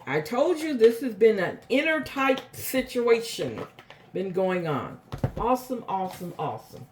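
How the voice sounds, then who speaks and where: A woman giving a spiritual oracle card reading to her viewers, repeating phrases in a soft, unhurried way. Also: fairly high pitch, sing-song, very noisy.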